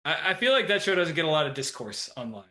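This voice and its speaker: A man co-hosting a film podcast, telling stories in a casual, animated way and acting out scenes. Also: a little high, fast talker. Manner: animated storytelling, acts out scenes in quotes. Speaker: podcast co-host.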